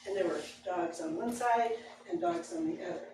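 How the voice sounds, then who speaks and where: A woman's voice: lowish voice, moderate pace, background noise. A woman telling a story to a live audience, acting out the scene with voices. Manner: expressive, acts out the scene with voices. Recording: very echoey room, far mic, audible ambience. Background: room ambience and audience laughter.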